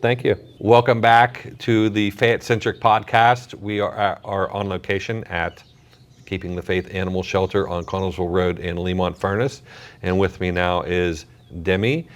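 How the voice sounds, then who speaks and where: A man's voice: sits low, steady tone, normal speed. A man hosting a podcast on location at an animal shelter, chatting casually and often repeating his words as he goes. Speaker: podcast host. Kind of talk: casual interview.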